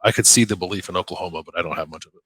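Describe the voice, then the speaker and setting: A man co-hosting a casual sports podcast, chatty and quick to laugh, with lots of fillers. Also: sits low, a bit bright, slightly rough. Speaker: podcast co-host.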